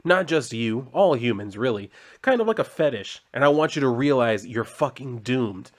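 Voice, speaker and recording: A man's voice: mid-range voice, expressive, moderate pace, natural voice. A man reading as a sadistic talking smiley button. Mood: mocking. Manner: mocking, crude.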